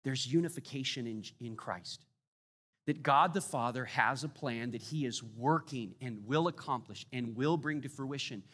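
A man's voice: medium pitch, moderate pace, slightly rough. Preaching man in a reverberant hall. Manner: emphatic, swings between loud rises and quiet drops. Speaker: pastor. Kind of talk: sermon.

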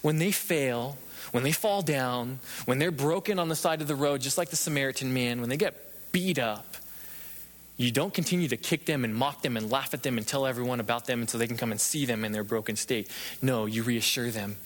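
A male pastor delivers an earnest sermon in a mid-pitched voice. He stresses his points through repetition and steady emphasis. His words ring out with the long reverb of a church sanctuary. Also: a little fast. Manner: earnest, emphatic preaching with repeated phrases.

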